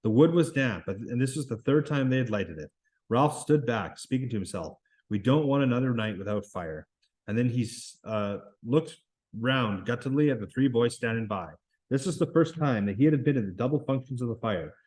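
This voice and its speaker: A man reading a novel aloud at a steady pace, with occasional small stumbles and restarts. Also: medium pitch, normal speed, low-quality recording. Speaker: reader.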